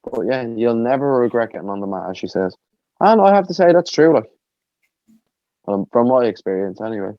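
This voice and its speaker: A man's voice: medium pitch, animated, a little fast, dry recording, lo-fi sound. A man with an Irish accent, co-hosting a podcast in laid-back casual chat, saying "like" a lot. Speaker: podcast co-host.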